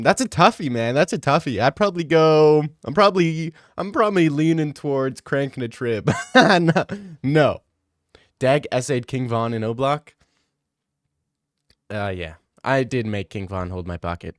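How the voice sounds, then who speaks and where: A man's voice: mid-range voice, no echo, studio quality. A young man hosting a casual livestream Q&A, joking crudely and rambling in slang. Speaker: streamer answering chat questions.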